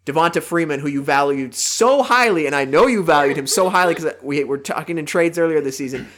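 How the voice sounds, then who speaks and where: A man's voice: on the high side, expressive, a little fast, a bit bright. A man co-hosting a casual fantasy football podcast, teasing a friend in a matter-of-fact way. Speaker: fantasy league co-host.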